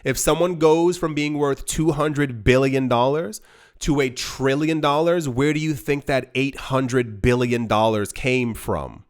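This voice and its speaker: A man with a medium-pitched voice hosts a crypto investing channel, speaking unhurriedly and directly to camera in a casual monologue. He's emphatic, almost pleading, and rambles with frequent restarts.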